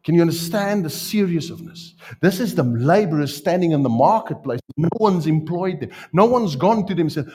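A man's voice: a little high, animated, normal speed, few pauses, dark tone, slight background noise. A man preaching a sermon and asking his congregation questions. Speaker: pastor.

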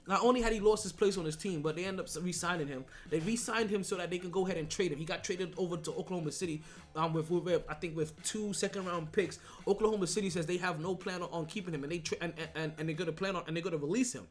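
High-voiced and fast-talking, a man runs his sports podcast solo. His casual, emphatic delivery rambles along with restarts and plenty of "right?"

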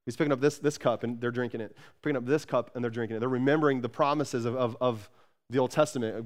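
A pastor preaching a sermon, energetic and conversational, repeating words and swinging between loud emphasis and soft, tender passages. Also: male voice, medium pitch, very fast.

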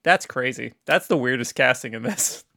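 A man co-hosting a laid-back podcast, reading from his notes and throwing in dry, wry asides. His voice is at an ordinary pitch, and the recording is close and dry. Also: animated, normal speed, creaky, bright, forceful tone, no room sound. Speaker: podcast co-host. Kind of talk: casual chat.

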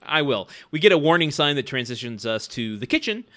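Man recapping a sitcom, bright tone. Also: medium pitch, sing-song, brisk, slight background noise. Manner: recounts plot with frequent uh and um fillers. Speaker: podcast co-host. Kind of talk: casual episode recap chat.

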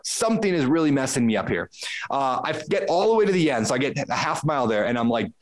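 A man's voice: mid-range voice, very animated, fast talker. A man, a podcast guest, telling a casual story in conversation, acting out his own thoughts with frequent restarts.

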